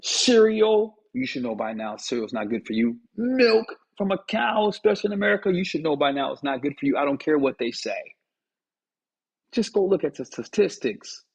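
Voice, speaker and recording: Speaking straight to the viewer, a motivational speaker delivers a preachy yet playful talk, teasing his audience as he makes his point. His medium-pitched voice is expressive, a bit fast, gravelly, and husky, captured on a dull lo-fi recording.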